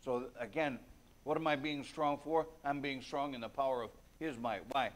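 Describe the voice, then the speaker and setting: At a prayer meeting, a man preaches a sermon earnestly and conversationally, with bursts of emphasis and scripture read aloud in King James wording. His voice is medium-pitched and steady at a moderate pace.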